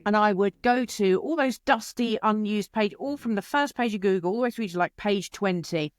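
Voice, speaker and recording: A woman, a creativity expert answering interview questions in an animated, chatty way, with quick asides and playful quotes. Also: mid-range voice, no echo.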